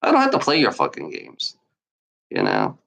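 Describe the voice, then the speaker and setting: Alone on a livestream, a man rants at the trolls in his chat, scornful, profane, and repetitive, talking back to them as he rambles. He has a bass voice with huge pitch swings and vocal fry, a bit bright, at normal speed. The recording quality is low.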